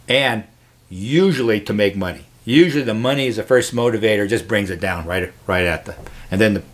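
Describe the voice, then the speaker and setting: Earnest rambling man talking to camera. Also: on the low side. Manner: earnest and rambling, with frequent restarts. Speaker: host. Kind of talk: casual spiritual monologue to camera.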